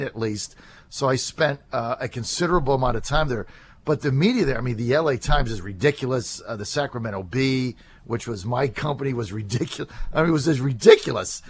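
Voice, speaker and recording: A man's voice: medium pitch, a little hiss or hum. A man hosting a talk radio show, talking in a rambling, conversational way with many fillers.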